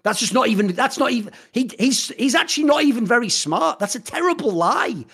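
A man's voice: very high voice, lively intonation, a little fast, a bit bright, husky. A British man on a podcast, ranting in a heated, profane, mocking way, often slipping into impressions of other people. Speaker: podcast co-host. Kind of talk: heated casual podcast rant.

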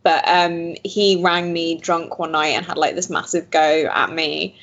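Lower-pitched woman co-host, animated, chatty, quick to laugh. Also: highs cut off. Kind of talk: casual chat.

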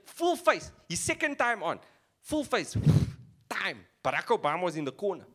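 A South African man doing stand-up, his voice set high and swooping all over the place. He tells his story in a playful, teasing way and keeps throwing in mocking asides. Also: wildly swooping pitch, normal speed, bright, forceful tone. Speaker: stand-up comedian.

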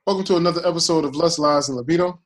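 A man's voice: on the high side, racing, low-quality recording. Joking, playful male podcast host. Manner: jokey, playful, loose, fills with "uh". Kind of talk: casual podcast hosting.

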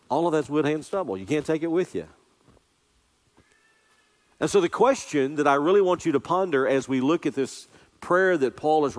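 Man, pastor, sermon, emphatic and earnest, slightly high voice, long hall reverb. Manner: earnest, emphatic preaching, slowing on scripture.

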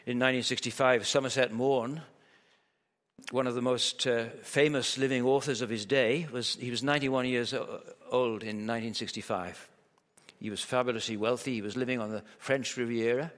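A man's voice: medium pitch, steady tone, normal speed, fairly bright tone. A man preaching a sermon at a church camp, telling a story vividly and pressing his points with emphatic rhetorical questions. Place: large hall at a church camp. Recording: long hall reverb.

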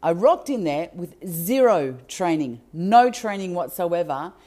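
A woman with a slightly low-pitched voice tells a personal story. She speaks earnestly and with emphasis, and her delivery is heartfelt. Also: lively intonation, measured pace, mellow.

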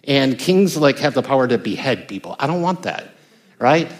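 A man's voice: mid-range voice, sing-song, normal speed. An older American man, a pastor, preaching a conversational sermon with emphatic bursts. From United States.

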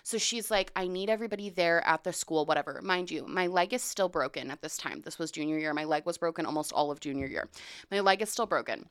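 A woman in her twenties co-hosting a chat show, telling stories in an animated way, laughing often and swearing freely. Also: on the low side, fast talker, clear, resonant tone, dry recording, studio quality. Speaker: podcast co-host. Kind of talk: casual storytelling chat.

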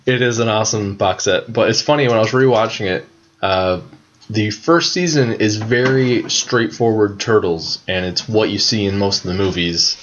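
Low-voiced man swearing in casual chat. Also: normal speed, a bit bright, slight background noise. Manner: swears a lot, laughs often. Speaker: podcast co-host. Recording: dull lo-fi sound.

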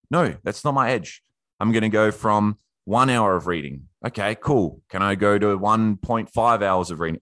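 A man giving casual self-improvement tips in a rambling, energetic way, swearing now and then. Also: fairly low pitch, normal speed, no echo. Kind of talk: casual live talk. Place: indoors.

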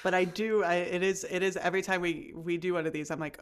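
A woman's voice: on the low side, steady tone, fast talker, hardly any pauses, smooth. A woman hosting a podcast, chatting in a playful, self-mocking way. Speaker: podcast host. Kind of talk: casual chat.

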